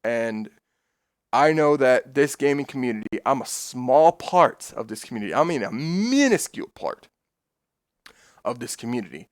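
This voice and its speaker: A man chatting casually on his stream, rambling and swearing freely, getting excitable as he tells stories. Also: mid-range voice, moderate pace, no room sound, studio quality.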